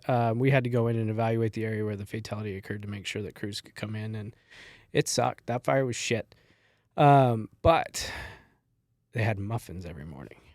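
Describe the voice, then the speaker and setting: A middle-aged former wildland firefighter, appearing as a podcast guest, tells casual stories in a laid-back way, laughing and swearing freely. His voice is medium-pitched and darkish, captured in a dry, clean studio recording.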